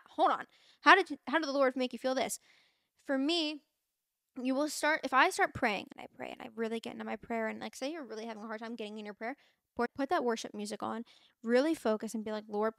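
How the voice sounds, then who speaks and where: A young woman with a slightly high voice hosts a podcast in an earnest, chatty way. She leans on fillers and restarts her sentences often. The sound is dry and close, with no room echo. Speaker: podcast host. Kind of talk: casual faith talk to listeners.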